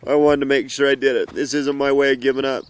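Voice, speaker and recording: A middle-aged father, emotional and earnest, speaking haltingly outdoors in the mountains in a heartfelt message to his children. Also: mid-range voice, little pitch movement, smooth. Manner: earnest, halting, with pauses and restarts.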